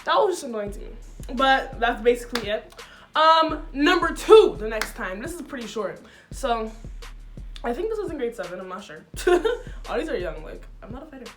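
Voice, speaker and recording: A young woman vlogger telling a school story in a casual, animated way, laughing often and using slang. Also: fairly high pitch, normal speed, soft background music.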